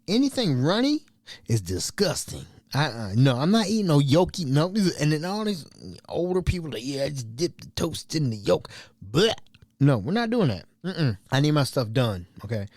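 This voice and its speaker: A man's voice: fairly high pitch, sing-song, normal speed, darkish tone, no room sound, studio quality. A man hosting a podcast, telling a story casually and animatedly, acting out quotes and sound effects. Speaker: podcast host.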